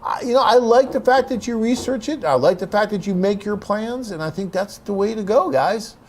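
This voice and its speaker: A man's voice: high-pitched, expressive, normal speed, darkish tone. A man hosting a live webcast, reading out viewer questions and answering them in a chatty, off-the-cuff way.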